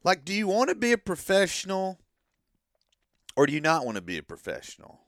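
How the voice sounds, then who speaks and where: Animated, ranting man with a high voice. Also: brisk, dry recording, clean studio sound. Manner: ranting, repeats himself, hedges with "just my opinion". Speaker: wrestling fan commentator. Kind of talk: opinionated monologue.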